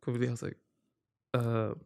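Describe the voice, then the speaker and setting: Gravelly young man, laughing storyteller. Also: mid-range voice, completely flat delivery, moderate pace, darkish tone. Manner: laughs often, tells stories with quoted voices. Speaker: podcast host. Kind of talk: casual chat.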